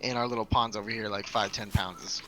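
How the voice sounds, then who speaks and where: A man's voice: lowish voice, fairly even intonation, quick pace, background noise. A man co-hosting a podcast, chatting casually and telling rambling stories. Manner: rambling, laid-back storyteller. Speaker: podcast co-host. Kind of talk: casual chat.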